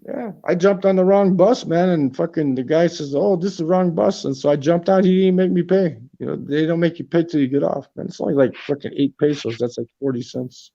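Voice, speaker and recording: A man rambles through loose, cursing stories on a casual livestream from his apartment. His voice sits a bit high for a man, with a gravelly fry and a dark, mellow tone. The sound is slightly dull and lo-fi. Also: fairly quick, few pauses. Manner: profane, rambling storytelling. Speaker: livestream host. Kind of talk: casual chat.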